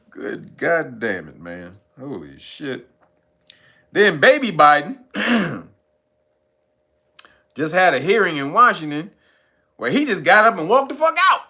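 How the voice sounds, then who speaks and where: Man, casual comic commentary, profane, constant laughter, high bright voice. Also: sing-song, takes it slowly, long pauses.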